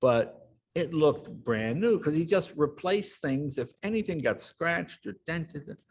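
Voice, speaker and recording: A man's voice: fairly high pitch, unhurried, a little hiss or hum. An older man, a guest in an interview, telling anecdotes and acting out the voices of the people in them. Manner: animated anecdote teller, acts out quoted voices. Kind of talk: storytelling interview.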